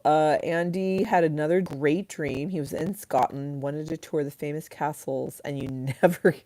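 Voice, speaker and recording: A woman with a low, warm voice hosts a casual livestream, reading chat and talking freely with viewers. She swears and laughs at her own stories.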